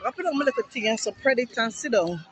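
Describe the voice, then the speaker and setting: A woman's voice: a little high, animated, rapid-fire. Chatty Jamaican woman on a beach. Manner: chatty, narrating to camera while at the beach. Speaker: vlogger. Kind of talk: casual vlog chat. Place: busy beach outdoors. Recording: outdoor beach noise behind.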